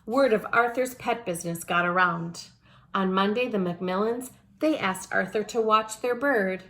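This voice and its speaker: Gravelly woman reading a children's story. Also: mid-range voice, moderate pace. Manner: warm, lesson-minded aside to children. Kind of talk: children's story read-aloud.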